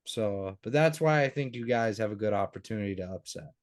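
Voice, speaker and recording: A man's voice: on the low side, expressive, a little fast. A young man co-hosting a sports betting podcast, rambling through his picks in casual chat and swearing freely. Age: young adult. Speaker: podcast co-host.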